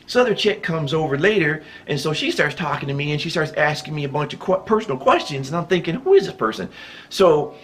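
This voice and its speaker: A man's voice: a little high, lively intonation, fast talker, a bit bright, a little hiss or hum. A man hosting his own vlog, telling a loose, rambling story and chuckling often as he goes. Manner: loose and rambling, with many restarts and fillers. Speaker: channel host.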